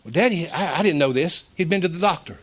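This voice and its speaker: A man's voice: a little high, lively intonation, fast talker. A middle-aged man, preaching a folksy, emotional storytelling sermon as pastor.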